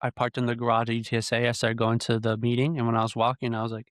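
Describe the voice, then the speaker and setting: A young man hosting a podcast, telling a rambling personal story in a relaxed conversational way, full of "you know" and "like". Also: mid-range voice, racing, no echo, clean studio sound. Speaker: podcast host. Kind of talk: casual solo storytelling.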